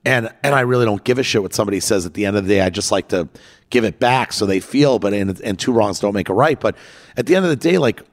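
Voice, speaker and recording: A podcast co-host chatting casually from his home in LA, this man has a fairly low voice and talks fast. He's earnest, and when he gets worked up he restarts his words.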